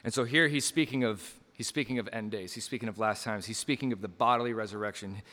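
A man preaching a sermon with passion, surging to loud emphasis and dropping to quiet lines, acting out quoted voices as he tells stories. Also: lowish voice, quick pace, few pauses, big-room sound. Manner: impassioned, swings between loud emphasis and quiet drops; acts out quoted lines in storytelling asides.

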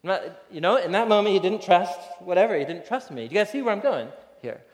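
A man's voice: high-pitched, lively intonation, fast. A man in his thirties, a pastor giving a sermon in a conversational, storytelling way and chuckling often. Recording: reverberant hall.

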